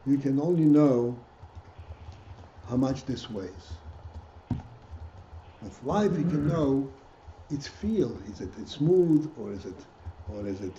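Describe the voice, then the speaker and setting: A man's voice: mid-range voice, dark tone. A man teaching a Hasidic text class as rabbi, stopping and restarting often and posing rhetorical questions to his students. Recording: dull, echoey room, faint noise.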